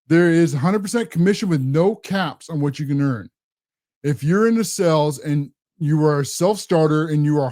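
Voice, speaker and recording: A man's voice: on the high side, dark tone. A man hosting a political commentary show, combative and sarcastic, often repeating and restarting his words. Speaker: host.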